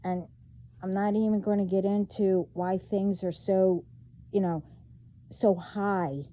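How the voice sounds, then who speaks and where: A woman vlogging in a casual monologue, talking haltingly with many fillers and trailing thoughts. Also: mid-range voice, steady tone, warm tone, muffled recording.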